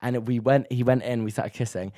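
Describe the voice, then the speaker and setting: A young man in his twenties, a podcast guest in casual chat, telling stories in a quick, chatty way with frequent laughs. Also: mid-range voice, steady tone, dark tone, no echo, clean studio sound. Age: young adult.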